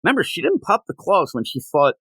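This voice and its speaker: A man's voice: high-pitched, fast talker, breathy edge, no room sound. A man co-hosting a comic book review show, talking casually and rambling with frequent restarts. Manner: rambling, animated, with many restarts.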